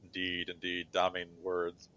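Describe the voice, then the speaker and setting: A cold grand inquisitor, voiced by a man running a tabletop trial, formal and unbending. The voice sits very low and sounds sharp and forceful. The recording is slightly dull and lo-fi. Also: completely flat delivery, unhurried. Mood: stern. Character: stern male grand inquisitor presiding over a trial.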